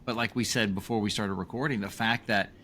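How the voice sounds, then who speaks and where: Host role: earnest, reflective man, lowish voice, faint noise underneath. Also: fairly even intonation, brisk, pushed and bright. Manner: earnest, reflective, with a few restarts. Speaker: podcast host. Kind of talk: casual conversation.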